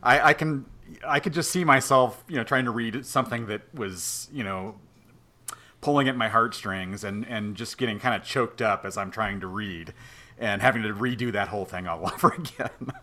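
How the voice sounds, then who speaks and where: A man's voice: fairly low pitch, moderate pace, pushed and bright. A man co-host commenting earnestly to a guest in a casual interview. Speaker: podcast co-host.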